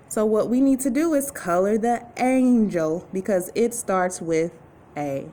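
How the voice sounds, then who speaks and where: A woman teacher giving a recorded lesson to young children, speaking clearly and patiently and drawing out letter sounds. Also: mid-range voice, measured pace, warm tone.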